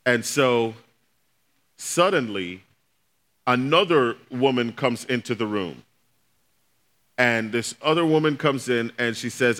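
Bright-voiced pastor man telling a story. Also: mid-range voice, expressive, takes it slowly, long pauses. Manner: storytelling, conversational, addresses the congregation directly. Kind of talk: sermon.

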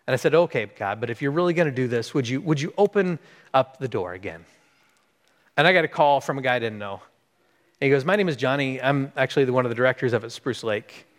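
Animated man preaching in an echoey hall. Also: mid-range voice, fast. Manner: animated, acts out quoted dialogue. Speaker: pastor. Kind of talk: sermon with storytelling.

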